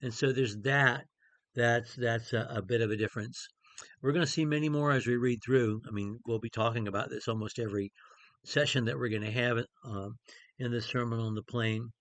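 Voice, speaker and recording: A man's voice: mid-range voice, steady tone, moderate pace, fairly bright tone, no echo. A middle-aged man preaching in a conversational way, with many fillers and restarts as he teaches a Bible passage. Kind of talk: informal Bible study talk.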